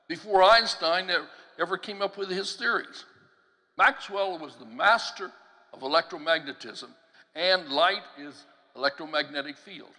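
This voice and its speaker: A man preaching a teaching-style sermon in a church, telling stories with an animated delivery, laughing between phrases and acting out the voices he quotes. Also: a little high. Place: church sanctuary. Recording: long church hall reverb.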